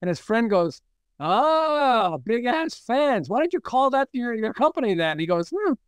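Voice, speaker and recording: A man with a high, clear, smooth voice, speaking as a podcast guest. He tells his stories with energy, acts out the voices of the people in them, and laughs as he goes. The recording is dry, with no room sound. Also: fairly quick, no room sound. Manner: animated storyteller, acts out quoted dialogue, laughs often. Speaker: marketing expert guest. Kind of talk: podcast interview storytelling.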